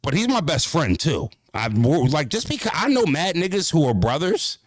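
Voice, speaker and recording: A man with a Philadelphia accent streaming live, ranting to his viewers in a profane, emphatic and animated way. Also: on the high side, moderate pace, no echo, clean studio sound. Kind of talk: casual livestream rant.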